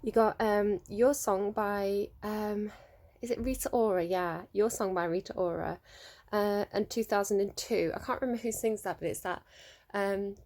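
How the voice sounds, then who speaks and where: A woman in her thirties gives a casual tarot reading in a chatty, rambling way. She talks at an easy middling pitch and laughs often between her thoughts. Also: fairly even intonation, moderate pace, a little mellow. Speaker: tarot reader.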